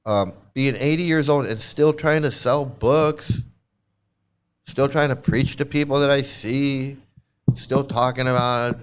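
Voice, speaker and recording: A man's voice: medium pitch, steady tone, measured pace, a little hiss or hum. A man in his sixties, a former cult member, giving a candid commentary monologue in a blunt, profane way and repeating phrases for emphasis. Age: 60s.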